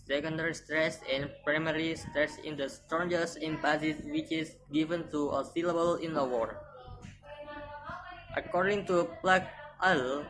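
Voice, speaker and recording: A woman reading a phonetics lesson aloud, carefully and deliberately, repeating example words. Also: sits low, low-quality recording. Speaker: student presenter.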